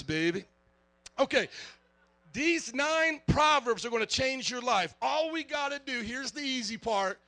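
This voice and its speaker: A man preaching a lively sermon in church, drifting into Southern slang when he gets worked up. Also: high-pitched. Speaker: pastor.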